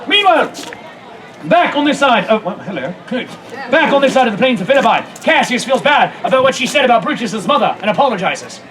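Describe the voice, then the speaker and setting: A man's voice: very high-pitched, very animated, a little fast, far from the mic. A man hosting a comic audience-participation show at an outdoor fair, narrating and bossing volunteers around like a mock director. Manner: boisterous, bossy mock director. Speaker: street theatre host and narrator. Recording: loud crowd and outdoor noise. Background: large crowd.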